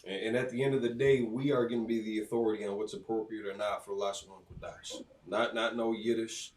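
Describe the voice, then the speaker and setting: Fast, insistent low-voiced man. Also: level tone, distant mic. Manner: firm, insistent, driving rapid delivery. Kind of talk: emphatic declaration at a religious service.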